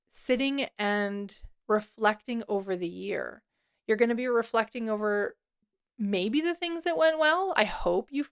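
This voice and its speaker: A woman's voice: medium pitch, clear, resonant tone. A woman hosting a solo podcast, talking candidly and casually, swearing now and then and laughing lightly as she speaks. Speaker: podcast host.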